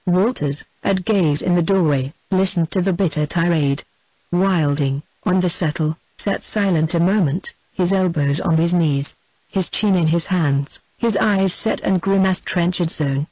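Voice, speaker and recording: A man narrating a historical novel aloud, in a steady, measured reading voice. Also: high-pitched, dry recording, poor audio. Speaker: audiobook narrator. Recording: dry close studio sound.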